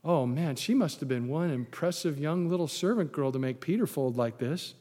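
A man preaching a sermon as a pastor, telling the story with lively, sarcastic asides. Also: fairly high pitch, moderate pace, big-room sound.

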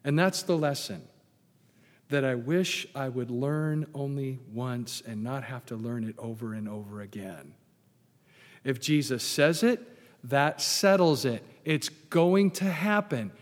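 A man's voice: medium pitch, measured pace, in a large hall. A man preaching a sermon as pastor, emphatic, repeating key phrases and putting questions to the congregation.

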